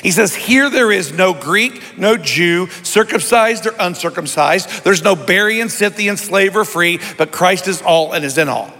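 A man preaching a sermon as pastor, calling for responses from the congregation and dropping to soft, intense lows. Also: lively intonation, a little slow, few pauses, in a large hall.

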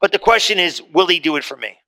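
A man preaches to a congregation with a high, bright voice. He talks to the room like a friend, shifting pitch and pace often as he makes his points. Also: expressive, fast talker, creaky. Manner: conversational preaching, wide swings in pitch and pace. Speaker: pastor. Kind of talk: sermon. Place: church hall before a congregation.

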